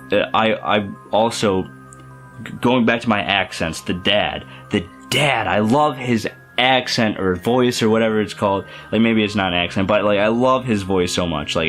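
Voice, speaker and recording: A man's voice: low-pitched, a little slow, a bit bright, soft background music. A young man casually reviewing a favorite film in a rambling, enthusiastic vlog, full of fillers and restarts. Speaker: youtuber.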